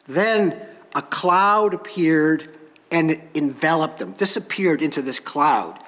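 A man preaching a sermon, slow and emphatic, leaning into dramatic pauses. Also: a little high, animated, a bit bright, long reverb tail.

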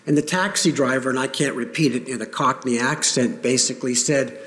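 A man preaching a sermon to his congregation, earnest and emphatic, with pauses for weight. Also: medium pitch, steady tone, a bit bright. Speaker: pastor. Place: church sanctuary. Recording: long reverb of a church hall.

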